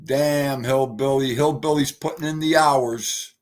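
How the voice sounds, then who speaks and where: Brash, profane New livestream host. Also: male voice, medium pitch, fairly even intonation, measured pace. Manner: brash, profane, greets chatters. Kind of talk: casual livestream chat.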